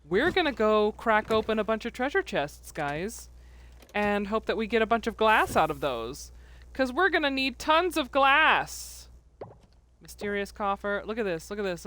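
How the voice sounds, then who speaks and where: Playing a farming game on stream, this woman keeps up chatty, playful let's-play commentary into a desk mic. Her voice is medium in pitch, and she hums and sings small tunes to herself as she goes.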